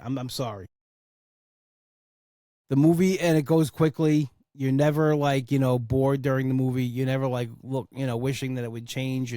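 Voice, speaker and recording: A man's voice: medium pitch, dark tone, no room sound. Enthusiastic rambling man, dry close sound. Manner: enthusiastic, rambling, swears for emphasis. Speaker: podcast host. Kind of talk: casual solo podcast chat.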